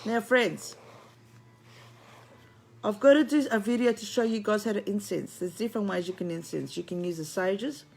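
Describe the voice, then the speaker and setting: With a mid-range, slightly mellow, creaky voice, this woman speaks at a moderate pace and leaves long pauses. She is a Greek-heritage spiritual commentator living in Australia, preaching bluntly on a home livestream through her phone. She swears without restraint and greets viewers as friends.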